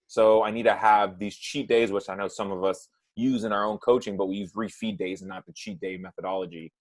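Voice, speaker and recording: A man's voice: fairly low pitch, brisk, hardly any pauses. A man who works as a nutrition coach, talking casually on a podcast and often adding "right?" and "like". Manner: relaxed, says "right?" and "like" often.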